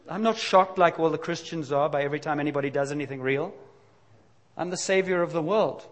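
Here a pastor, middle-aged and somewhat high-voiced for a man, preaches at a quick pace. The sermon is frank and confessional, with relaxed conversational passages broken by sudden emphatic bursts.

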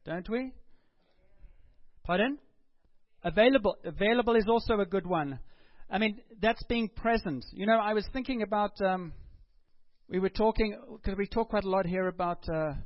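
A pastor with a high voice preaches a sermon conversationally, putting questions to the congregation and taking their answers. The audio sounds dull.

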